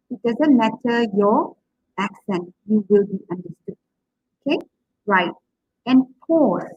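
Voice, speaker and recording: This woman's husky voice runs on the high side and a bit bright, recorded lo-fi with no echo. Teaching public speaking online, she quizzes her students warmly and keeps saying "okay" and "right."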